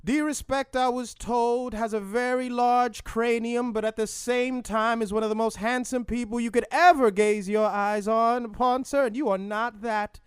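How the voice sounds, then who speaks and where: Sing-song pompous 1960s preacher played by a man, pitched well up, dry close sound. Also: steady tone, moderate pace, hardly any pauses, clean tone, no room sound. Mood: lofty. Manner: lofty, sing-song, mock-formal. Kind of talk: comic impression on a podcast.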